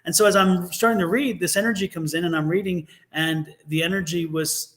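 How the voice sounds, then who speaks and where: A man's voice: high voice, fairly even intonation, brisk, a bit bright. A man reading tarot and co-hosting a casual live chat, telling stories at length and repeating his agreements. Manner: chatty storyteller, repeats agreements. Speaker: tarot reader and co-host.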